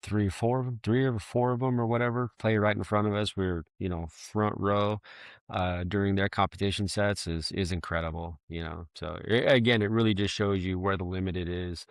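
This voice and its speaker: A man's voice: lowish voice, steady tone, normal speed, no room sound, clean studio sound. A man talking as a podcast guest in a casual, rambling, self-deprecating way, laughing often. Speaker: guest, firefighter bagpiper.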